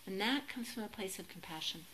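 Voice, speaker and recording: A woman teaching as a Zen teacher in a relaxed, reflective dharma talk, gently self-deprecating and sometimes laughing. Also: mid-range voice, fairly quick, a little hiss or hum, rough recording.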